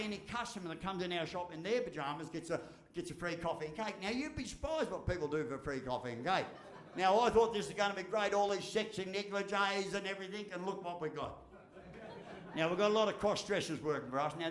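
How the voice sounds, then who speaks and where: Aussie bloke, fairly high voice, yarning to a crowd in a big echoey hall, swears and cracks jokes. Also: male voice. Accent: Australian. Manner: folksy storyteller, swears casually, jokes, repeats phrases. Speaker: keynote speaker. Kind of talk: motivational speech.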